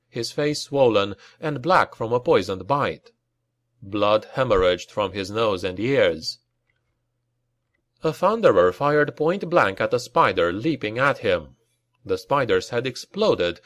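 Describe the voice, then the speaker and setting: Male narrator for grim fantasy audiobook, lively dramatic delivery, dead-dry booth sound. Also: no echo. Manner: dramatic reading, raising pitch for shouted lines. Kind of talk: scripted narration.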